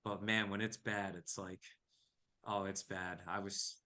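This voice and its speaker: Bright-voiced man telling a story. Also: low-pitched, a little slow. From New York. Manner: animated storyteller, acts out quoted dialogue. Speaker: family business owner, podcast guest. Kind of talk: casual storytelling.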